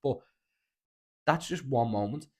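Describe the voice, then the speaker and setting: A young man with a Scouse accent telling rambling, animated stories in casual podcast chat, full of slang and swearing. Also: medium pitch, measured pace, slightly rough. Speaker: podcast host.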